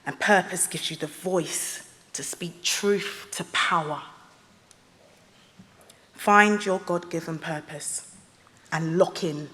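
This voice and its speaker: A woman giving an earnest, emphatic motivational speech at a graduation ceremony, stressing some phrases slowly. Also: fairly low pitch, pushed and bright. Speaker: honorary degree recipient giving a speech. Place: large ceremony hall. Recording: long hall reverb.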